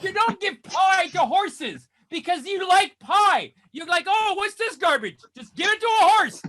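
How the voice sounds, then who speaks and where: A man doing a stand-up comedy set, ranting in exasperation and bursting into shouts. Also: extremely high pitch, animated, unhurried.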